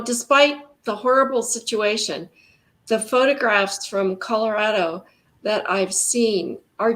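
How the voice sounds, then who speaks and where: Woman writer, mid pitch, reflective and wry in casual talk. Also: fairly bright tone. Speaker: author and guest reader. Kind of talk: casual chat on a video call.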